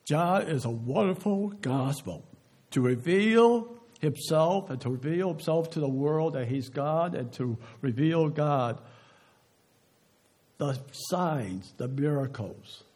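Male preacher, fairly high husky voice, slow emphatic sermon delivery with hushed endings. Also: expressive. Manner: slow, emphatic delivery, drops to a hush on key words; asks the audience rhetorical questions.

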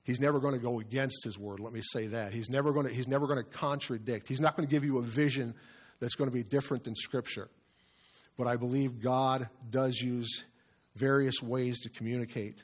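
Pastor, male, middle-aged, mid-pitched voice, earnest conversational sermon delivery. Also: fairly even intonation, brisk. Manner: earnest, conversational preaching with asides to the congregation.

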